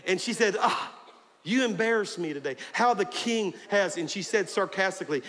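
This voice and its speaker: A middle-aged man, preaching a sermon in a fired-up way, rising to shouts. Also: sits high, expressive, moderate pace. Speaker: pastor. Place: large church auditorium. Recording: hall reverb with faint crowd and noise. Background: congregation.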